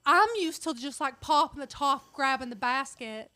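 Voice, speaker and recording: A woman's voice: high voice, moderate pace, pushed and bright, dry recording. A woman co-hosting a craft video, chatting casually and chiming in often. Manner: talkative, chimes in often. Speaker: craft channel co-host. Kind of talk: casual chat.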